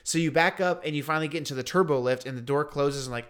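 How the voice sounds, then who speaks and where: A man with a slightly higher voice for his sex, chatting casually on a podcast. He tells a story in an animated, laid-back way, full of slang. He acts out other people's lines as he goes. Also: fast talker, clean tone. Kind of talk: casual chat.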